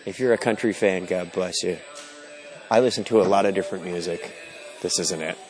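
A middle-aged man telling a story about a mix-up at home, exasperated, wry and self-deprecating, stressed and tired, recording on his phone while walking through an indoor storage warehouse. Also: low-pitched. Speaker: vlogger. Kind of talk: casual storytelling vlog. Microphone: phone held while walking.

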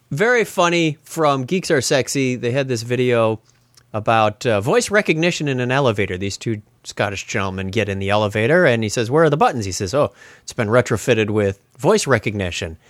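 A man's voice: mid-range voice, no echo, studio quality. A man hosting a casual tech podcast, chatty and laughing as he retells funny stories. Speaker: podcast host.

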